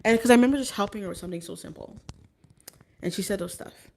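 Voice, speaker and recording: A woman's voice: medium pitch, fast talker, gravelly, a little mellow. A woman telling a personal story in a casual, rambling way, with many fillers and restarts. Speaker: vlogger.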